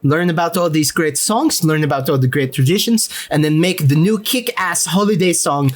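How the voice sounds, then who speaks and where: A man's voice: a little high, normal speed. A man role-playing a tabletop game character who rambles and hesitates with many fillers.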